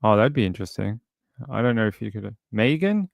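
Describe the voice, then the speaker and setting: A man's voice: lowish voice, steady tone, racing, gravelly, dry recording, clean studio sound. A man casually commenting on a true crime case during a livestream, reading and answering chat, rambling with lots of fillers. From outside the US. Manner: rambling, many fillers and restarts.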